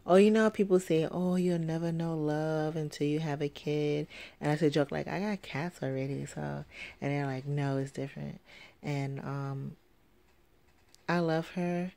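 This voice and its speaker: A woman's voice: low voice, fairly even intonation, moderate pace, gravelly, dark tone. A young woman vlogging casually from home, rambling and chatty with many fillers. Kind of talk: casual vlog talk. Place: home, at night with sleeping baby.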